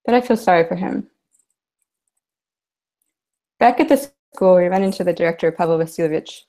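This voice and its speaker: A woman translator reading her translated fiction aloud in an even, measured way. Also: on the low side. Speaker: literary translator. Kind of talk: literary reading.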